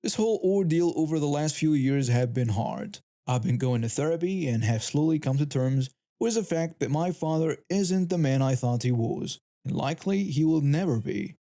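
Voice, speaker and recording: A man giving a steady, scripted first-person narration of a story. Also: a little high, normal speed, few pauses.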